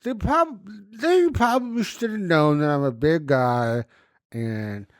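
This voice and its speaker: A man chatting on a comedy podcast, spinning stories and slipping into little acted voices for the people he quotes. His pitch leaps up and down as he talks. The sound is close and dry, with no room around it. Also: slow, no room sound. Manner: animated storytelling, swearing, acting out quoted voices. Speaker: podcast co-host. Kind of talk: casual comedic chat.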